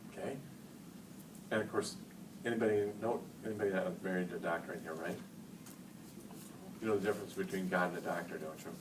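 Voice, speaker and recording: A middle-aged man tells stories to a room of teachers, playing out both sides of phone calls with a jokey, animated delivery. He is picked up from a distance, so the voice sounds thin and roomy, with steady noise underneath. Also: on the low side. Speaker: speaker at an education workshop. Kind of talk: lively storytelling talk to an audience. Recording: roomy hall, speaker far from mic, noisy.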